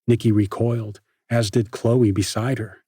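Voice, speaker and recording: A man with a husky voice reading an audiobook in a steady, measured way. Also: on the low side, dry recording, clean studio sound. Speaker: audiobook narrator. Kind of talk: scripted narration.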